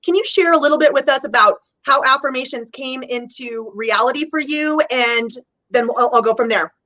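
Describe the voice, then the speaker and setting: A woman's voice: high-pitched, moderate pace, bright, forceful tone, highs cut off. A woman hosting an interview, gushing with effusive agreement and praise. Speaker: interview host. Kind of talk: casual interview.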